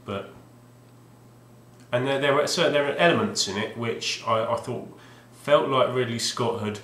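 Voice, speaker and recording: This man vlogs about his video game finds in a rambling, casual monologue, hesitant, wry, and prone to frequent restarts. His pitch is medium, his speed normal, and his tone fairly bright. The home recording is roomy and echoey with a slight hiss or hum.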